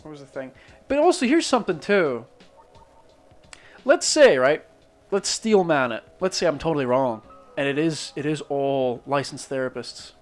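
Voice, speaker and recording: This stream features a man from Northern Ireland, accent muted, chatting casually while he draws and ranting skeptically with heavy swearing and many restarts. He sounds a little high and expressive at normal speed, with faint music playing behind.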